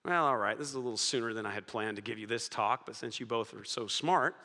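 A man voicing a smiling father who patiently explains things to his little sons, speaking softly and calmly, in a hall with a long reverb. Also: mid-range voice, fast talker, voice pushed down.

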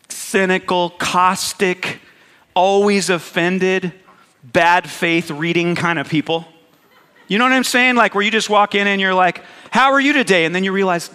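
A man's voice: high-pitched, pushed and bright, long reverb tail. A man preaching a sermon as pastor, talking in a conversational, humorous way and often checking in with his congregation.

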